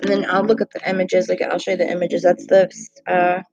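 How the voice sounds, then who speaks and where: Her voice is fairly low and mellow, with a level tone and a slightly quick pace. She reads tarot on a relaxed live stream from her laptop at home, talkative and emotional while answering viewers' comments aloud. The laptop mic makes the audio sound dull.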